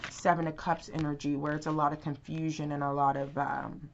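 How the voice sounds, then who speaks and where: Young woman, tarot vlogger, deep register, loose filler-heavy delivery, muffled home audio. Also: flat delivery, fairly quick, gravelly, slight background noise. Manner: rambling, many fillers and restarts. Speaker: tarot reader. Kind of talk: casual tarot reading to camera.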